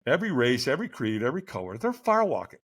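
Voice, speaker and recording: A man guest on a podcast, telling a personal story in an animated way, often checking in with a quick "right?". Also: medium pitch. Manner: lively, keeps asking "right?".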